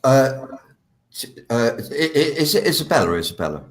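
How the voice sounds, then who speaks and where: A man on a live stream telling a story with animated delivery, slipping into hushed, dropped tones when he quotes himself. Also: medium pitch, normal speed, reverberant. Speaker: guest healer.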